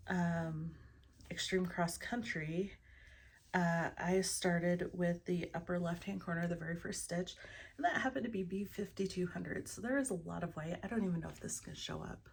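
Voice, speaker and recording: Over a little hiss or hum, a woman with a fairly low voice shows off her stitching projects in a casual chat. She's in her morning voice, rambling, saying um a lot, and frequently slipping into a whisper.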